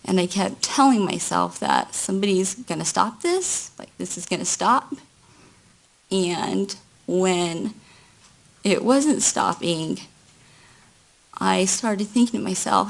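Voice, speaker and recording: A woman giving courtroom testimony at an unhurried, careful pace. Her voice carries a gravelly rasp at the bottom of its range, and she recounts events slowly and haltingly, pausing between phrases. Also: mid-range voice. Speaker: trial witness.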